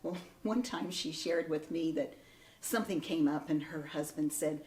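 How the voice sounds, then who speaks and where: A woman giving gentle, encouraging advice to young graduates in a storytelling manner. Her voice sits a little low and reaches the mic from some distance in an echoey room. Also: normal speed. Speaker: ceremony speaker. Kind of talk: heartfelt advice speech.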